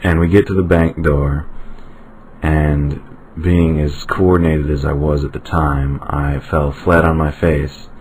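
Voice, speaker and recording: Man, 20s, very deep voice, joking self-mocking storyteller. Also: flat delivery, slow pace, darkish tone, low-quality recording. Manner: joking, self-deprecating, rambling. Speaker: interviewee telling a personal story. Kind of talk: personal storytelling. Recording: clear background noise.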